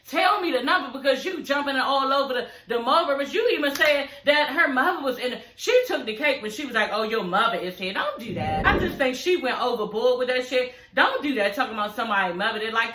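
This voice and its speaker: Brash, bright-voiced woman recapping reality TV. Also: high voice, reverberant, a little hiss or hum. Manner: blunt, profane, animated, laughs often, talks straight to viewers. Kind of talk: casual unscripted recap rant.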